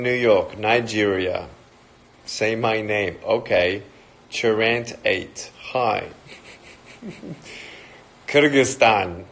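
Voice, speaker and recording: A man with a mixed, hard-to-place accent hosting a casual live stream, reading out and greeting viewers' comments in a slow, upbeat way. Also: fairly low pitch. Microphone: phone or webcam live stream.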